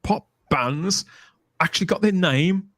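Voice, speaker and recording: A man's voice: sits high, measured pace, fairly bright tone, dry recording. A middle-aged man with a Birmingham accent, hosting a casual live-stream chat in a jokey, chatty way. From England. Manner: chatty, jokey, reads out viewer names. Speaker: host.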